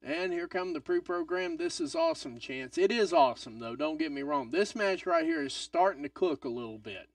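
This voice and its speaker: A man hosting a live wrestling watch-along stream, excitable and swearing, swinging from loud outbursts to mutters. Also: on the high side, fairly quick, vocal fry, few pauses, no echo, clean studio sound, distant mic.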